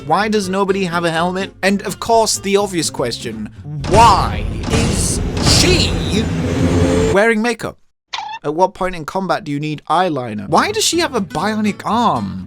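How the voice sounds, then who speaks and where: A man's voice: sits high, fairly bright tone. A man delivering a scripted, sarcastic gaming commentary, firing off rhetorical questions one after another. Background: background music.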